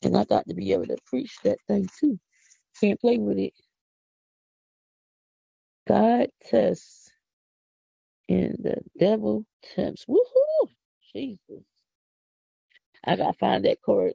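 A middle-aged woman from Philadelphia with a Philadelphia accent, hosting a casual, preachy podcast monologue with excited whoops. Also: mid-range voice, normal speed, creaky, breathy edge, no room sound. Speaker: podcast host. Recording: dull lo-fi audio.

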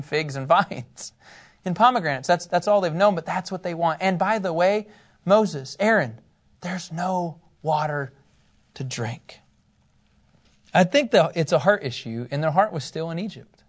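A man teaching a Bible lesson to a small group in a conversational, animated way, laughing often. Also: high voice.

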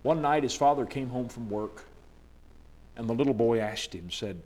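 A man's voice: medium pitch, expressive, a little fast, a little hiss or hum. Dramatic male preacher delivering a sermon. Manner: dramatic, swings from hushed to loud emphatic preaching.

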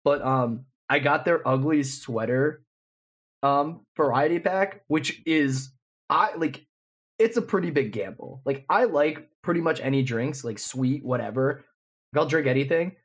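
His voice sits on the high side with a breathy edge, moving at a measured pace over dull audio. He's a twenties-aged man co-hosting a podcast, casually rambling through a story full of fillers.

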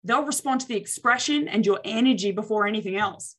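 A young adult woman coaching on social skills in a lively motivational talk, acting out reactions with exaggerated expressions. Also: medium pitch, a little fast.

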